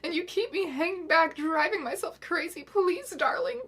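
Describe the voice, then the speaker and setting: A woman's voice: extremely high pitch, lively intonation, normal speed, fairly bright tone, pitched above the performer's own voice. A woman voicing a terrified, swooning young woman from a pulp novel who gushes and pleads breathlessly.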